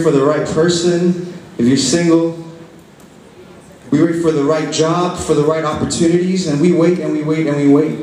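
A man delivers a fervent, repetitive sermon in a large church hall. His voice sits a little high for a man and is caught from far across the room, with strong echo all around. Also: a little mellow. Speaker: guest preacher. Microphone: filmed from far off.

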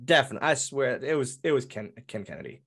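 A man in his thirties recounts an old backstage story in a casual interview. He rambles and restarts, piling on fillers with animated energy. His voice sits at an ordinary middle pitch. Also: quick pace, gravelly, husky. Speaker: interview guest, former wrestler.

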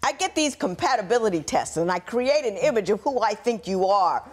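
A woman's voice: mid-range voice, animated, a little fast. A woman presiding as a television judge, questioning litigants in a playful, teasing way. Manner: playful, teasing, laughs often. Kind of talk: courtroom show questioning.

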